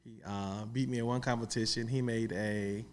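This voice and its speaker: A man talks in an easygoing podcast chat, his pitch sitting in an ordinary middle range. He drifts through his thoughts and trails off with small fillers. The delivery stays unhurried and conversational. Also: fairly even intonation. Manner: easygoing, trailing off with "you know". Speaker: pitmaster and restaurant owner.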